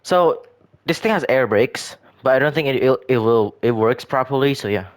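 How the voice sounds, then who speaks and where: A gaming video creator talks casually about his own game builds, rambling and hesitant, often stumbling, restarting sentences and correcting himself. His mid-range voice is expressive, at normal speed.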